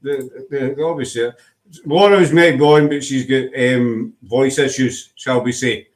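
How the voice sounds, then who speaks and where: A man's voice: medium pitch, steady tone, normal speed. A man hosting a casual live online chat, teasing his guest and reading out viewer comments. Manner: chatty, teasing, reads viewer comments aloud. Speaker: host.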